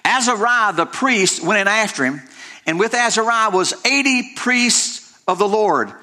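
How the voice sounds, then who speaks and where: A man's voice: high voice, bright, forceful tone. A middle-aged male pastor preaching a sermon, emphatic and folksy, repeating phrases and breaking into conversational asides.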